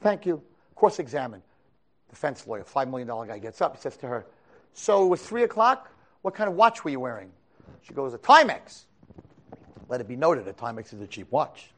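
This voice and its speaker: A man giving a storytelling lecture as a rabbi, animated, moving between quiet asides and loud dramatic peaks. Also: a little high, a little fast. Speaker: rabbi teaching a class.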